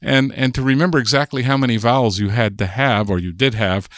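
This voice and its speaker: A man's voice: mid-range voice, fairly even intonation, a little fast, fairly bright tone, dry recording, studio quality. An American man, a guest linguist on a podcast, explaining ideas patiently and thinking aloud as he goes. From United States. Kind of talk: podcast interview.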